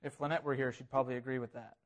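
A man's voice: medium pitch, level tone, very fast. A man preaching a sermon, earnest and repetitive, building emphasis on key phrases. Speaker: pastor.

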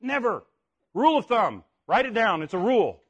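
A middle-aged man preaching, telling a story in an animated way with sudden shouts and frequent restarts. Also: high voice, moderate pace, slightly rough. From Indiana. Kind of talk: sermon storytelling.

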